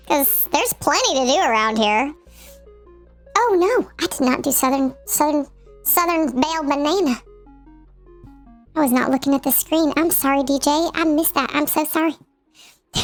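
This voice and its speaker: A woman's voice: high voice, a little slow, pauses often, soft background music. Chatty woman streamer, full of "like". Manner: chatty, frequent "like" fillers, animated retelling. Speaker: live streamer. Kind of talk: casual live-stream chat while gaming.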